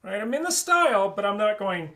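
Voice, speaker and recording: A man's voice: high-pitched, very animated, a little fast, over loud music. A man teaching an online flute lesson, explaining articulation and singing rhythms on syllables.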